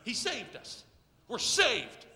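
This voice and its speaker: A middle-aged male pastor preaching a sermon, leading call-and-response and swinging from hushed asides to shouting. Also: very high-pitched, huge pitch swings, slow, creaky, big-room sound. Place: church sanctuary.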